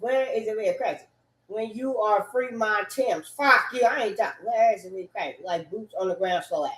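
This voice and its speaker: A woman ranting in a loud, profane, repetitive way, swinging between loud bursts and low mutters. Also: moderate pace. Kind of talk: animated rant. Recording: echoey room.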